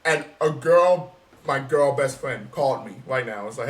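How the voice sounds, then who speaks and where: A man co-hosting a casual podcast, talking in an animated, emphatic and profane way. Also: mid-range voice, moderate pace, distant mic. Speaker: podcast co-host.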